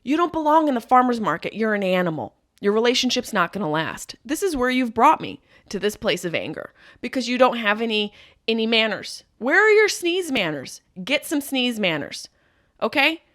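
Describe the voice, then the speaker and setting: A woman hosts her podcast with a comic monologue full of mock outrage and swearing. Her pitch leaps around wildly as she acts out her grievances. The sound is close and dry, with no room in it. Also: a little fast, dry recording. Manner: animated, profane, riffing with mock rants. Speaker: podcast host. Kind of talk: comedic monologue.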